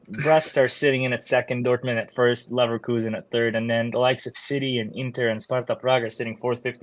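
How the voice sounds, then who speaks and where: A man's voice: medium pitch, dry recording. A man co-hosting a sports talk show, recorded dry with no room sound. He gives opinions with wry humor and laughs at his own jokes. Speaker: podcast co-host.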